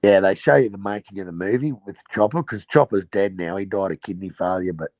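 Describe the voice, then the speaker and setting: A man's voice: low voice, fairly quick, darkish tone, no room sound. An Australian man hosting a casual chat, telling profane stories and laughing at them. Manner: rowdy, profane storytelling, laughing at his own tales.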